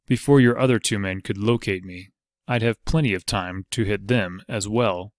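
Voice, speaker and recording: Man playing a calmly menacing archer. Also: fairly low pitch, moderate pace, no room sound, studio quality, close to an everyday voice. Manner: calm and coolly menacing. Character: calm deadly archer, man, coolly threatening.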